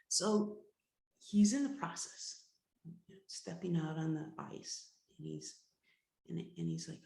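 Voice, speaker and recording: Gravelly-voiced woman telling a story. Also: fairly low pitch, mellow. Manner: repeats words, builds suspense, slows down for drama. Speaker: healer and teacher. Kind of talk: oral storytelling in a class. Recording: roomy echo.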